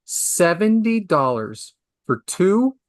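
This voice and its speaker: A podcast host in his forties tells a casual story in an exasperated rant, his pitch swinging widely from low mutters to high outbursts. He speaks slowly, and the sound is close and dry with no room around it.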